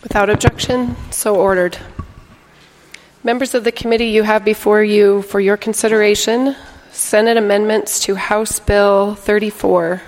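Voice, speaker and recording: A woman chairing a legislative committee, calling votes in a calm, deliberate procedural manner. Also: medium pitch. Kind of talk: formal parliamentary procedure.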